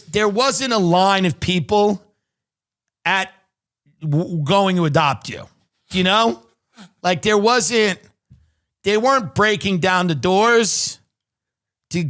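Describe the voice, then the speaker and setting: A man hosting a podcast, rambling through sardonic comedic commentary with halting restarts. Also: high voice, sharp tone. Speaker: podcast host.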